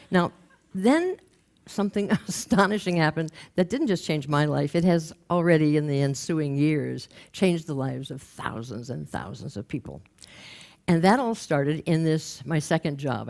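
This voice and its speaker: An older woman, a career coach, telling a story to an audience with humor and lively acted-out quotes. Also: sits low. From United States. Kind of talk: storytelling talk.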